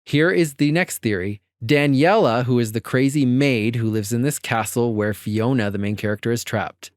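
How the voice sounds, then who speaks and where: A man's voice: mid-range voice, normal speed, no echo, clean studio sound. A man co-hosting a podcast, explaining fan theories in casual, laughing chat. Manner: laughing, animated storytelling. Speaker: podcast co-host.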